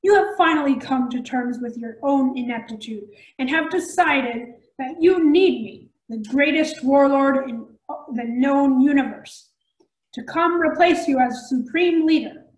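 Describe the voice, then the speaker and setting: Woman doing a pompous alien warlord cat, haughty, slow, commanding, echoey room. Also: high voice. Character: grandiose evil male alien warlord cat.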